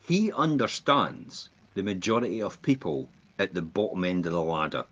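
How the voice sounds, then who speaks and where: Animated husky man, lo-fi podcast. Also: normal speed. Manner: animated storyteller, acts out quotes with big pitch jumps. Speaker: podcast co-host. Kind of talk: casual business chat. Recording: dull lo-fi podcast audio.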